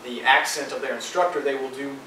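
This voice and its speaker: A man's voice: mid-range voice, fairly even intonation, brisk, sharp tone, a little hiss or hum. Young man presenting in an echoey hall. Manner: informal, many fillers. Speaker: student presenter. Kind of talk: classroom presentation. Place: lecture room. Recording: echoey lecture hall, distant mic.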